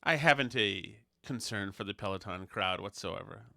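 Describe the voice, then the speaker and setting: A man's voice: fairly low pitch, moderate pace, creaky, no room sound, studio quality. A middle-aged man hosting a podcast, bantering casually and telling jokey, sarcastic stories. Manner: joking, sarcastic, animated storytelling. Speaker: podcast host.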